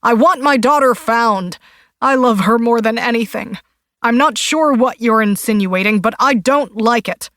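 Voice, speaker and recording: In a dry, close audiobook reading, a woman voices a frantic middle-aged husband. He talks loud and high, desperate and defensive, and his voice strains as he pleads. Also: a little slow, no echo.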